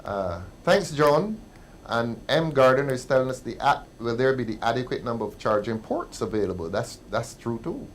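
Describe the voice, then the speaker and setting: A man's voice: mid-range voice, very animated, slight background noise. A Barbadian man hosting a panel talk show, agreeing often, joking and reading out viewer comments. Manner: chuckling, quick to agree, jokes.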